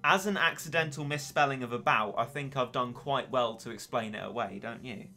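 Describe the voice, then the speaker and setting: Late-teen male streamer, wry and chatty, sharp bright voice. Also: medium pitch, brisk. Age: late teens. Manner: chatty, wry and self-mocking. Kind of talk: casual gaming stream chat.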